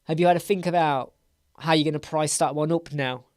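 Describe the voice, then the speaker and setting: Sleepy and yawning, an English livestream host in middle age chats through a casual live Q&A, welcoming viewers by name, repeating himself and rambling amiably. He talks a little fast in a slightly high male voice, and the audio is close and dry with no room around it.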